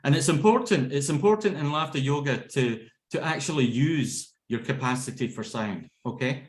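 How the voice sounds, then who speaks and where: A man of middle pitch teaches laughter yoga over a video call. He is energetic, chants ho-ho-ha-ha-ha, laughs freely and checks in with "okay?" after each point. The sound carries a roomy echo. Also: normal speed. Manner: keeps checking in with "okay?" and "yeah?". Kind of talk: instructional talk with demonstrations.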